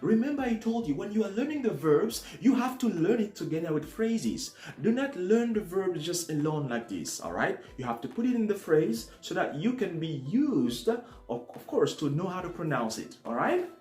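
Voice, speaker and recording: A man's voice: sits high, normal speed, few pauses. A man teaching verbs in a casual online lesson, often checking in with "all right?". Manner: lively, repeats "all right?" after phrases. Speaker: French teacher. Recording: echoey room, soft guitar music.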